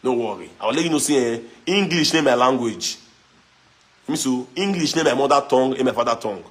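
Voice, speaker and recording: A man's voice: mid-range voice, fast talker. Mocking Nigerian man on a livestream. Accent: Nigerian, Edo. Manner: animated, mocking, laughing, mixing pidgin. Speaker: social media livestreamer. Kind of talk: casual livestream chat.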